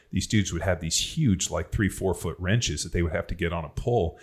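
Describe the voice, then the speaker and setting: Deep-voiced man telling profane stories. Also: brisk, few pauses, a little mellow, breathy edge. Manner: profane, rambling storytelling. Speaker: podcast host, former NFL player. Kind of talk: casual podcast chat.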